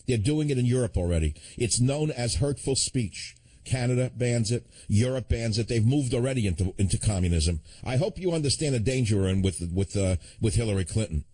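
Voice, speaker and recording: A man's voice: medium pitch, animated, fairly quick, dark tone, breathy edge. A man hosting a call-in radio show, talking in a combative, sardonic way with chuckling asides. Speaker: radio talk show host.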